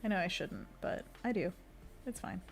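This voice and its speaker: A woman's voice: fairly low pitch, animated, normal speed, creaky, soft background music. A woman illustrator on a casual livestream, talking while she draws, reading chat aloud and making little sound effects. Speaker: illustrator streaming a sketching session.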